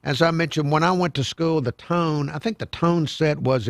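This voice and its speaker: A man's voice: a little high, moderate pace, dry recording. An older man hosting a call-in radio talk show, with wry, sarcastic asides.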